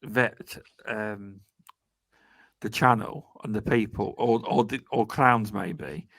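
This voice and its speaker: A man's voice: lowish voice, takes it slowly, fairly bright tone, no room sound. A man hosting a podcast, chatting casually with a guest and dropping in short reactions. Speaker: podcast host. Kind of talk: casual interview chat.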